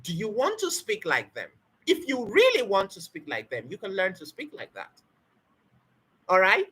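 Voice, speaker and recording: Lively, breathy woman coaching spoken English. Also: medium pitch, normal speed. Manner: emphatic, repetitive, asks rhetorical questions. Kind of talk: motivational teaching talk.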